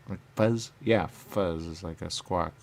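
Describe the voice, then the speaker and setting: Low gravelly man musing to himself. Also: measured pace. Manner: circular, repetitive musing with sudden whispers. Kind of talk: rambling self-dialogue, asking and answering himself.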